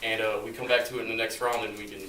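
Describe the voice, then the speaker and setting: A man's voice: on the low side, little pitch movement, very fast. A man in a group discussion, talking casually and trailing off with hedges. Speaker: group member. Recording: echoey room from far off, faint noise.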